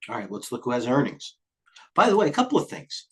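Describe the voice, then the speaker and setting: Hosting live market commentary, a middle-aged man rambles and hops between side topics, cursing occasionally. His pitch is medium but swings hugely. He comes across as blunt and fast-thinking.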